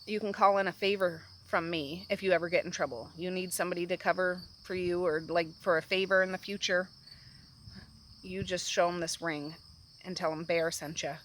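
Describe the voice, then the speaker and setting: A man's voice: high-pitched, steady tone, moderate pace, fairly bright tone, a little hiss or hum. A woman voicing a young male biker who scolds a fellow gang member and coaxes a child. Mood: coaxing. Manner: scolding, exasperated.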